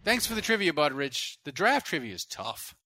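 A man's voice: on the high side, very animated, moderate pace, bright, forceful tone, dry recording. A man hosting a podcast in casual chat, running the show and teasing his co-hosts. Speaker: podcast host.

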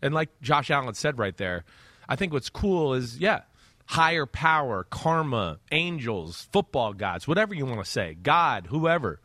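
A former player co-hosting a sports talk show, speaking in a loose, animated way. His voice is mid-pitched and recorded close and dry. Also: unhurried, no room sound.

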